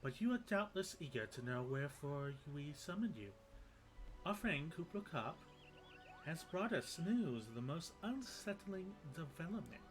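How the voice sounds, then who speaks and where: A man's voice: fairly high pitch, big pitch swings, moderate pace, soft background music, voice pushed up, poor audio. A man voicing a stately elder woman leader in a game cutscene, speaking in formal, old-fashioned phrasing. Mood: solemn. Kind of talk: reading game cutscene dialogue aloud in voices.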